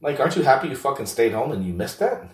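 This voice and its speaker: A brash, mocking male buddy, put on by a man talking to himself for laughs, his voice raised well above the speaker's own low register. He taunts and curses at every turn. The sound is roomy and echoing, with the mic set at a distance. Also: big pitch swings, fast, natural voice. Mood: crude teasing. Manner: crude, taunting, constant swearing.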